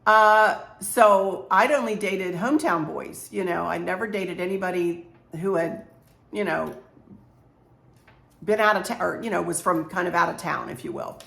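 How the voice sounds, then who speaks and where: A woman from Maryland, slightly hoarse, telling a rambling personal story to her viewers in a casual chat. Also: on the low side, moderate pace. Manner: rambling, warm storyteller addressing viewers as y'all. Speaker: craft vlogger. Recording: roomy echo.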